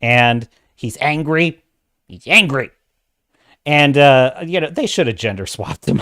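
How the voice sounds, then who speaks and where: A man hosting a livestream, ranting about movies in a sarcastic, animated way, swearing and cutting himself off mid-sentence. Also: a little high, normal speed, smooth. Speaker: livestream host. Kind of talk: casual ranting movie review.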